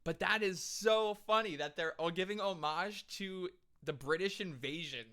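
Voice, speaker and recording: A man's voice: high-pitched, moderate pace, pushed and bright. An amused man from the United States giving casual reaction commentary, laughing often and chatting loosely with plenty of fillers. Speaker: reaction video host.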